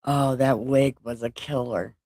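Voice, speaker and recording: A woman's voice: extremely low pitch, steady tone, a little slow, dark tone, no room sound. A middle-aged woman hosting a casual livestream chat, mouthy and swearing freely. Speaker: livestream host.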